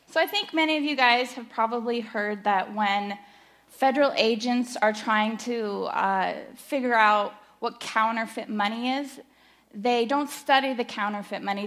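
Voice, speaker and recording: A woman's voice: a little high, fairly bright tone. Nervous emotional woman sharing testimony. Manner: nervous, emotional, halting with fillers. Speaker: church speaker sharing testimony. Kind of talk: personal testimony talk.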